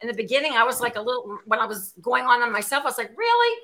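A woman's voice: fairly high pitch, steady tone, racing, sharp tone. A woman hosting an interview show, chatting with effusive enthusiasm. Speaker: show host. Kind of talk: casual interview.

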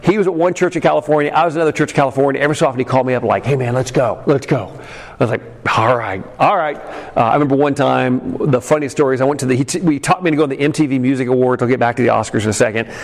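A man preaching a sermon as a pastor, telling a personal story with many fillers and some shouted peaks. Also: mid-range voice, very fast. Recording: long hall reverb.

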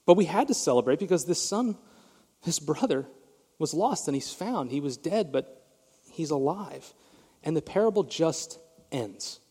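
Pastor guy preaching, kinda high voice, echo rolling around a big church hall. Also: expressive, a little slow, pauses often, dark tone, breathy edge. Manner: emphatic storytelling, direct address to the congregation. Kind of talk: sermon. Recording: long reverb of a large hall.

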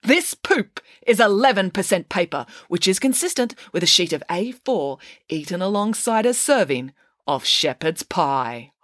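A woman's voice: medium pitch, very animated, moderate pace, no echo, studio quality, pitched above the performer's own voice. A woman voicing an unflappable, matter-of-fact young girl detective in a storybook reading. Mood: triumphant.

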